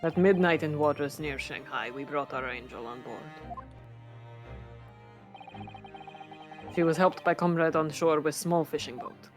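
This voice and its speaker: A guilt-ridden Russian sailor stumbles through broken English in a thick accent, as a woman puts him on. The voice sits a little low and plain, sailor-gruff in intent. A visual-novel figure read aloud during a game playthrough. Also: moderate pace, faint music behind, natural voice. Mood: earnest. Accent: put-on Russian. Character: burly male Russian sailor, pleading and guilty.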